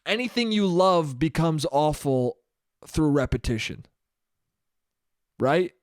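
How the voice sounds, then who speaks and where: A man's voice: fairly high pitch, expressive, slow pace, dry recording, studio quality. A young man hosting a solo podcast, rambling and cursing casually, mocking himself and often breaking into laughter. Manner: rambling, profane, self-mocking, frequent laughs. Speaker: podcast host.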